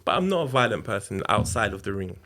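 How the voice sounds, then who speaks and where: A man's voice: fairly low pitch, big pitch swings, fast, pushed and bright. A man, telling a personal story in a candid, conversational way as a podcast guest. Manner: candid, conversational, re-enacts quotes. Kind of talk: casual storytelling interview.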